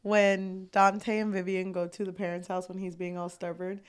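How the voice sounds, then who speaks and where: A woman's voice: on the low side, flat delivery, moderate pace, clear, resonant tone. A woman co-hosting a casual book podcast, gushing about a romance novel with swearing and fillers. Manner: gushing, profane, filler-heavy. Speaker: podcast co-host. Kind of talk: casual book-club chat.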